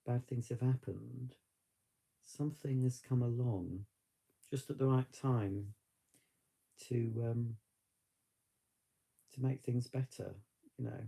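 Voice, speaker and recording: A man's voice: medium pitch, takes it slowly, creaky, pauses often, warm tone, breathy edge. A man chatting on a live stream, reflective and rambling with many fillers, tearful at times. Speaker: vlogger. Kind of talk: casual live-stream chat.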